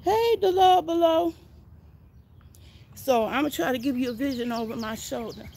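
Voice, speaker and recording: A woman's voice: high voice, moderate pace, gravelly, dark tone. An older woman, out of breath, chatting folksily as she walks viewers through her backyard garden outdoors on a phone. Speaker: gardening vlogger. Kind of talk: casual walking garden tour.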